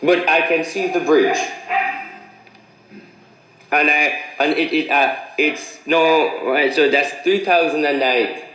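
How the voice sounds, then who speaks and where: A man's voice: fairly high pitch, takes it slowly, long pauses, sharp tone. A Jamaican man chatting on a livestream, boastful and playful, rambling from one thought to the next. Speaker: livestream host. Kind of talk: casual livestream chat. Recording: roomy echo.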